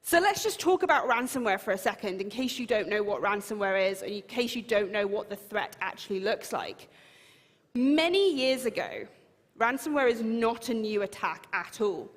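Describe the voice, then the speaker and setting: A woman's voice: mid-range voice, lively intonation, moderate pace. A woman from the United Kingdom with a British accent, giving a conference talk in a chatty, self-deprecating and emphatic way. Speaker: keynote speaker. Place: large conference hall. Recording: long hall reverb.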